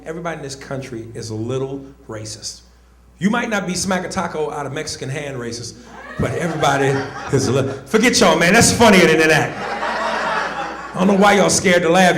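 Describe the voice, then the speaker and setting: A man performing a live stand-up comedy routine, loud and animated, shouting his punchlines and slipping into silly voices. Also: a little high. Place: comedy club stage. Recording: roomy live venue with audience noise. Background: audience laughter.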